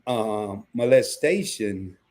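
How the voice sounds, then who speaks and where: A man co-hosting a casual podcast, talking in an animated way that jumps up high when he makes a point. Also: slow pace. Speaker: podcast co-host.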